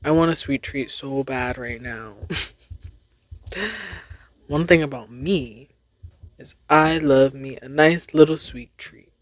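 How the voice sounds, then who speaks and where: Slow-talking playful young woman host. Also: extremely low pitch, no echo. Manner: playful, laughs at her own stumbles. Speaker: podcast host. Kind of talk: casual solo chat, reading tongue twisters.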